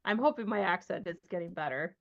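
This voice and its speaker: A woman's voice: fairly low pitch, expressive, quick pace, fairly bright tone. A woman voicing a flustered male stage magician who talks awkwardly and halts with many ums. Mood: flattered. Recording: dull lo-fi sound.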